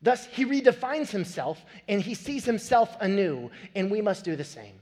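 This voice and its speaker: A man in his thirties preaching a sermon, telling a family story with animated, building emphasis. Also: sits high, normal speed. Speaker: pastor. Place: church sanctuary. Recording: long hall reverb.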